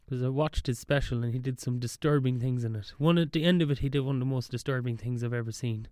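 A young man talks in a loose solo monologue, drifting between thoughts and cutting himself off mid-sentence with a wry edge. His voice is mellow and dark. The sound is dry and close. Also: mid-range voice, fast, hardly any pauses, dry recording. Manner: rambling, wry, self-interrupting. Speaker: podcast host.

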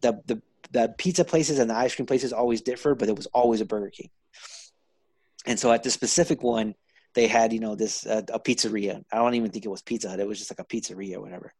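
A man hosting a casual podcast, telling animated stories and acting out the people in them. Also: fairly low pitch, fast, husky, no room sound. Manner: animated storyteller, acts out quoted voices. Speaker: podcast host. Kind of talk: casual chat.

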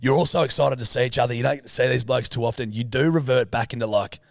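At medium pitch and a fast clip, with vocal fry and a steady tone, an Australian man in his thirties recounts a rowdy story on a podcast, swearing and acting out the voices of the people in it. The audio is clean studio sound with no room sound.

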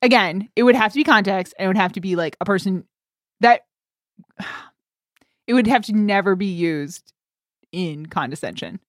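A woman's voice: medium pitch, normal speed, pauses often, no echo, clean studio sound. A woman co-hosting a podcast in casual chat, rambling and often laughing. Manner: giggly, rambling, lively. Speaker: podcast co-host.

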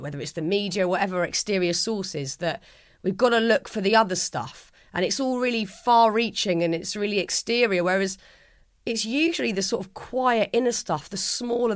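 A woman's voice: mid-range voice, no echo. Earnest woman, dry close mic. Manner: heartfelt and earnest, with frequent restarts. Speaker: guest. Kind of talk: reflective interview conversation.

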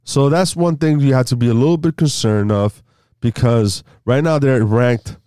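A man at an ordinary mid pitch leads a casual podcast chat, often tripping over his words and starting again. His pitch jumps up on points he wants to stress. The recording is dry and close. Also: normal speed, smooth, no room sound. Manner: leads the segments, stumbles and restarts, lively pitch swings. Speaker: fantasy football co-host.

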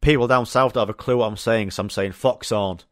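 A man's voice: mid-range voice, fairly even intonation, fast talker, no echo, studio quality. A man with a Yorkshire accent hosting a podcast, telling rambling stories in a casual, chatty way with lots of fillers and the odd swear word. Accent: Yorkshire English. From Yorkshire, England. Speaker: podcast host. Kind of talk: casual storytelling chat.

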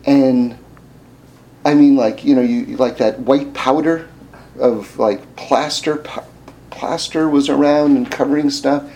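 A man slowly tells a personal story that carries a lesson, casual and animated, with lots of fillers and restarts. When he lands his point, his voice climbs high and gets loud.

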